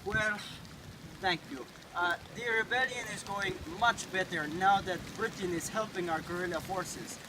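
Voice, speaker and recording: An earnest exiled guerrilla rebel, played by a young man, halting with fillers. His voice sits high. Heavy outdoor noise and rain spoil the amateur recording. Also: lightly acted. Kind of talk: amateur comedy sketch acting.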